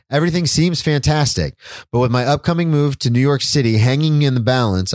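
A man's voice: medium pitch, dry recording. A young man reads his own essay aloud on a podcast with an earnest, emotional delivery. The recording is dry and close, with no room sound. His voice sits in a middle range for a man. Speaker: podcast co-host. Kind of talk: reading a written essay aloud.

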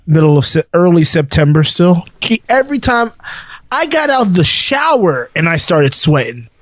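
This podcast co-host has a higher-leaning male voice and a moderate pace, recorded in a studio with no echo. His casual chat is full of animated stories, free swearing and frequent laughter.

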